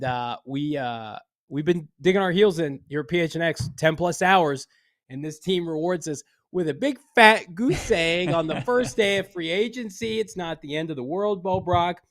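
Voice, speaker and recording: A man hosting a casual sports podcast, talking with energetic, wry banter from a studio. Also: fairly high pitch, dry recording. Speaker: podcast host.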